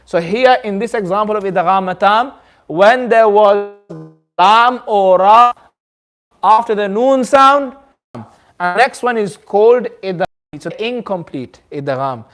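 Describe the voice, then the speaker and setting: A man's voice: high voice, expressive, slow pace, fairly bright tone. A man teaching a Quran recitation class in a community centre, patiently quizzing his students and modelling the sounds aloud. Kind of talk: classroom lesson.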